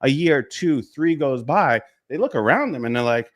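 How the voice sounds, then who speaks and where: A male business coach from Long Island, New York, guesting on a casual talk show. He speaks at a middle pitch and drives his points home with rapid lists of short, emphatic phrases. His delivery is confident and conversational. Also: lively intonation.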